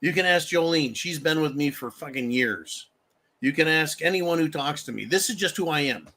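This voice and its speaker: A man hosts a live stream in a bright, forceful voice, sitting a little high for a man. He rants with anger and constant profanity. He breaks off to thank viewers for donations. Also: normal speed. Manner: angry, heavily profane. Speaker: livestream host. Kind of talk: political rant on a live stream.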